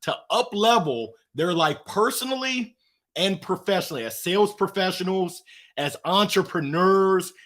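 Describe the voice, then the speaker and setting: A man guest talking in an energetic, preachy, slangy storytelling way in an interview. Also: high-pitched, normal speed. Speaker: guest, author. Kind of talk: motivational interview talk.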